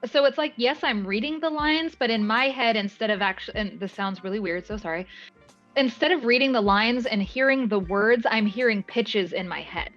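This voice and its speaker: A woman voice actor chatting in an interview, talking freely with lots of fillers and quick laughs. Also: a little high, a bit bright, highs cut off, faint music behind. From moved often, mainly Alaska. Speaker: voice actress guest. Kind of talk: casual interview chat.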